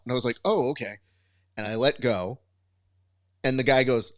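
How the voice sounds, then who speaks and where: A man co-hosting a casual grappling podcast as a coach, telling stories in an animated way and acting out the voices of the people in them. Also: medium pitch, a little fast, no echo, studio quality. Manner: animated storyteller who acts out quotes.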